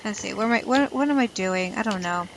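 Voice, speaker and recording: A woman's voice: mid-range voice, quick pace, noisy background. A woman hosting a casual podcast, chatty and a bit scattered, laughing between lines. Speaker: host.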